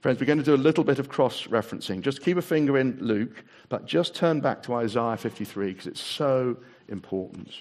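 A man's voice: mid-range voice, lively intonation, brisk, darkish tone. A man preaching a sermon, asking repeated rhetorical questions and reading passages aloud. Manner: reads long passages aloud.

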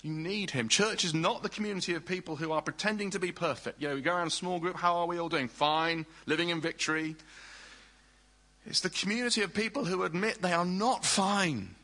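A man preaching a sermon in an earnest way, often dropping to soft, hushed tones. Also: high-pitched, fast, hardly any pauses, rough recording.

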